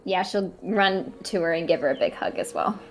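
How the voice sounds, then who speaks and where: A woman player in a tabletop game who speaks in character, warm and giggly. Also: lowish voice, moderate pace, a little hiss or hum.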